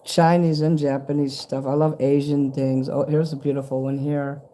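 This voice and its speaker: A man's voice: on the high side, little pitch movement, normal speed, warm tone, a little hiss or hum. A man chatting casually to camera as he unboxes a fan's package at home, rambling, swearing and easily delighted. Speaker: vlogger opening a fan's package. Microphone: handheld camera.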